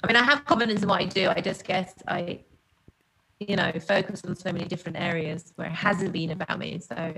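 A woman's voice: fairly low pitch, steady tone, a little fast, creaky, noisy background. A woman with a non-American English accent, guest on a podcast, talking in a rambling, laughing, playful way over a remote call. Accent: non-American English, often taken for Australian. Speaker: guest singer. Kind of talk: casual podcast interview.

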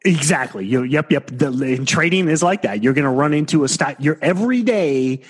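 A man's voice: fairly high pitch, lively intonation, moderate pace, slightly rough. A man co-hosting a podcast chat, explaining things in a coaching way, talking through headphones. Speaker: podcast co-host, trading coach. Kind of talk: casual chat. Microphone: headphones on a call.

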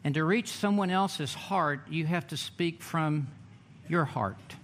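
A man preaching a sermon in a church, emphatic, with dramatic pauses and drawn-out words. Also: on the high side, fairly bright tone, a little hiss or hum. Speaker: pastor.

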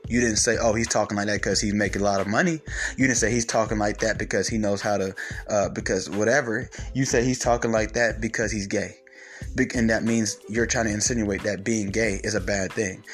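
A man delivering a heated, profane monologue to his viewers, firing off rhetorical questions with emphasis. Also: on the low side. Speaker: online commentator.

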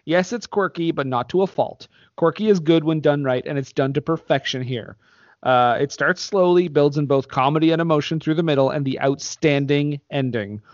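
A man with a slightly high voice trades dry, sarcastic film opinions with his co-hosts. The audio is dead dry with no room sound, and a little dull and lo-fi. He keeps it casual, deadpan and chatty. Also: normal speed, no room sound. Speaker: podcast co-host reviewing films. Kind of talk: casual chat reading listener reviews.

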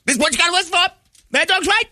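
A sports radio host who shrieks at the top of his lungs. The voice is piercing and pushed way up high, bright and hard, with no room around it. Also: rapid-fire, dry recording, studio quality, exaggerated voice. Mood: bellowing.

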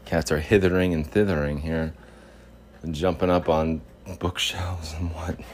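Goofy, rambling man with a very deep voice. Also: little pitch movement, measured pace, darkish tone. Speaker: podcast host. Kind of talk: casual solo podcast chat. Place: home with cats, in Boston.

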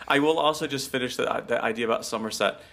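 A man's voice: mid-range voice, fast talker, a bit bright. A man co-hosting a casual talk show, explaining things in a chatty way full of fillers and asides. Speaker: podcast co-host. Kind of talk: casual chat.

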